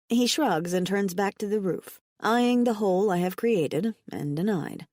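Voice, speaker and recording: Woman audiobook narrator, first-person romance, intimate measured read, dry close sound. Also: mid-range voice, darkish tone, no room sound.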